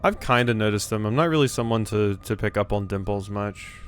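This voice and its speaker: Low-voiced man streaming a game. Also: fairly quick, music in the background. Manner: rambling, self-deprecating. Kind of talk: playing a game aloud, casual chat.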